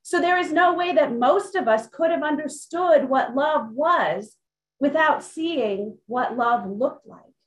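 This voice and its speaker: A woman pastor preaching a sermon, slow and deliberate, with emphatic pauses. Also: high-pitched, rough recording.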